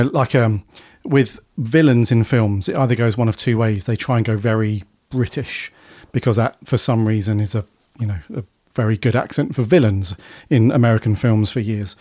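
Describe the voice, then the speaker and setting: A man's voice: mid-range voice, mellow, no room sound, clean studio sound. A man hosting a casual podcast panel chat, talking loosely and drifting into tangents. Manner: chatty, rambling off on tangents. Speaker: podcast host.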